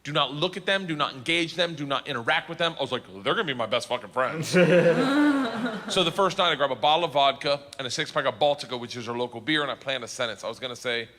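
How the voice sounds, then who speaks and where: A man doing stand-up storytelling, animated and acting out other characters, shouting his punchlines. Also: mid-range voice, fast. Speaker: stand-up comedian. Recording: stand-up special with background noise.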